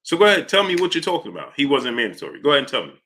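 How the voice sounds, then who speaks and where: Racing along in a fairly high, sing-song, slightly bright voice, this man hosts a boxing live stream with casual commentary. He keeps arguing with the chat, saying the same things over and calling out viewers' names.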